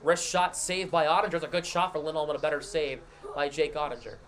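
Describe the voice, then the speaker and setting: Man calling hockey play-by-play, high voice. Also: fairly even intonation, a bit bright. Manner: rapid, running call of each pass and shot, with asides to chat. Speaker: play-by-play commentator and stream host. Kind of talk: live hockey play-by-play over a scoreboard stream.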